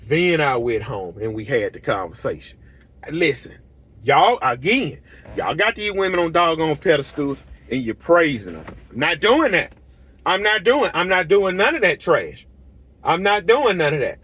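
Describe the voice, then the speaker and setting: A man's voice: a little high, very animated, normal speed, fairly bright tone, breathy edge. A middle-aged man, ranting bluntly and heatedly to camera as a channel host, acting out conversations as he tells his stories. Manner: blunt, heated, repetitive storytelling with quoted dialogue. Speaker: lawn care business owner and channel host. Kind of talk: casual rant to camera.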